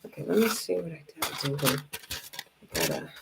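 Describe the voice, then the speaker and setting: An older woman with a lowish voice hosts a live crafting stream. She greets viewers by name in friendly bursts, then drops into quiet muttering to herself as she works. A faint hum of noise sits behind her. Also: huge pitch swings, brisk, creaky. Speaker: craft livestream host.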